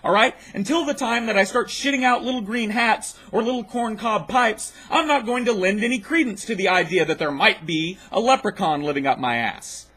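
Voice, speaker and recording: Husky high-voiced man ranting. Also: moderate pace, few pauses, pushed and bright. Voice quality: blunt, mocking, swears freely. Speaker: video host rebutting a clip. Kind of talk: profane sarcastic rant.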